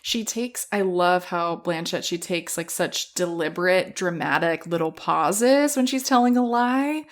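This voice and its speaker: A woman guesting on a podcast, talking about films in a lively, casual way and laughing easily. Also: on the low side. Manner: lively, quick to laugh, acts out quotes. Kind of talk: casual film discussion.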